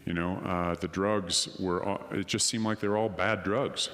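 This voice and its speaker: A man's voice: sits low, normal speed, noisy background. A man giving an earnest, emotional personal testimony at a conference, acting out what others said to him. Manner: earnest and emotional, quoting others in lively voices. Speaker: conference speaker. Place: conference hall. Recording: long reverb of a hall.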